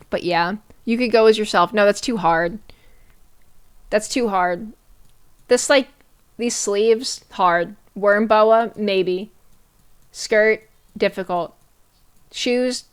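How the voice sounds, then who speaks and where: A young adult woman streamer chatting casually to her viewers, swearing and using slang, often laughing. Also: mid-range voice.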